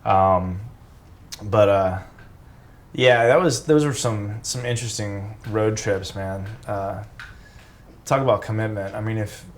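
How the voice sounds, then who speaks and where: A man's voice: lowish voice, steady tone, slow pace, long pauses. A man in his forties, a former pro wrestler, casually telling road stories, laid-back and swearing freely.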